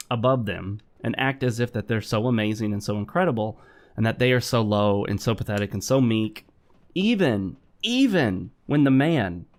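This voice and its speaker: A middle-aged man giving blunt, opinionated commentary while playing a game, lecturing and repeating himself. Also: mid-range voice. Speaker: gaming commentator. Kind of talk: opinionated commentary over gameplay.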